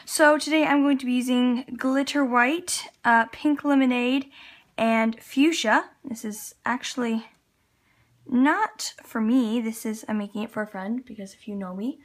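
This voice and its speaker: Chatty woman with a fairly high voice. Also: a little slow. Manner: chatty, filler-heavy, upbeat. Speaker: craft tutorial host. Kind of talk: casual how-to narration. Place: home, at a table by a window.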